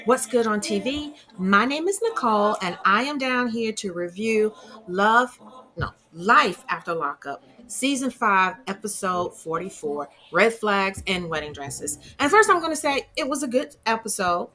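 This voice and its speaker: A woman's voice: on the high side, animated, moderate pace, pushed and bright. A woman hosting her own TV review channel, recapping an episode in a chatty, opinionated way and laughing at the drama. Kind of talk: casual episode recap and commentary.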